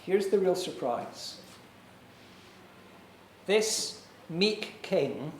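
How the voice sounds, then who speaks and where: A man preaching a sermon as pastor, earnest and persuasive, with dramatic pauses. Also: sits high, a little mellow. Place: church hall. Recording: echoey church hall.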